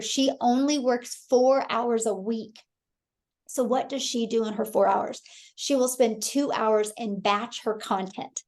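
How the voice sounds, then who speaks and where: Hosting a live webinar sales talk, this Kansas woman in her thirties tells a story with enthusiasm and keeps addressing listeners as "you guys." Her pitch is on the high side and slightly mellow.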